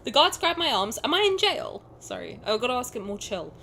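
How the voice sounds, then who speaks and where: A young woman streams a game with casual, jokey commentary and swears freely. Her voice is fairly high and swings widely in pitch. A faint hiss of noise sits under it. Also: big pitch swings, fairly quick, creaky, bright, forceful tone.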